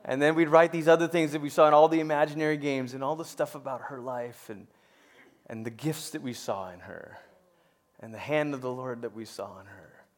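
Preaching briskly in a medium-pitched voice, this middle-aged pastor climbs to loud, emphatic highs, then drops into quiet, hushed storytelling. Stammers and restarts come frequently.

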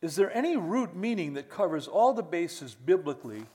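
A man's voice: high voice, sing-song, moderate pace, warm tone, slightly rough. An older man, a pastor preaching a sermon to church leaders with many restarts and mock exclamations.

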